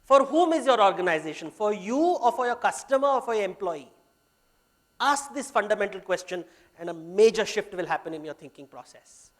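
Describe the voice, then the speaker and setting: A man with a high voice and an Indian English accent, lecturing at a workshop. He speaks in a storytelling way and often switches into Hindi phrases. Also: expressive, fairly quick. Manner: mixes Hindi phrases into English, retells myths.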